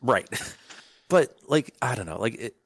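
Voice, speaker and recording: A young man chatting casually on a sports podcast, swearing freely and packing his sentences with "like". His voice sits at an ordinary pitch. The sound is dry and close. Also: lively intonation, measured pace, gravelly, breathy edge, no echo. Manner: rambling, profane, lots of "like" fillers. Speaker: podcast co-host.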